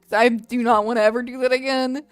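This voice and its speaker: Young woman streamer, rambling casual chat, a bit high-pitched, close dry mic. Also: level tone, fast talker, clean tone, no echo, faint music behind. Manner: rambling, frequent "like" fillers, laughs a lot.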